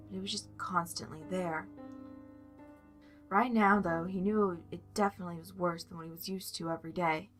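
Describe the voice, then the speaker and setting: A woman narrating a fan fiction story aloud at a calm, measured pace. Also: on the low side. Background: soft music.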